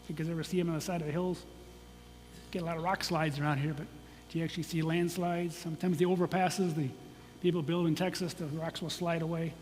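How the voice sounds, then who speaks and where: A Michigan man speaks fast in a flat, darkish voice on the high side, giving a casual, conversational presentation to an audience as a guest geologist. He often restarts and goes off on asides, and the recording carries a long hall reverb and a faint hum.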